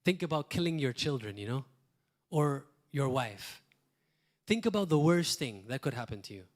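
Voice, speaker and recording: A Maltese pastor delivers an earnest sermon in a church, posing rhetorical questions and moving between loud emphasis and quiet asides. His voice is medium in pitch with big swings, and he speaks at a normal speed.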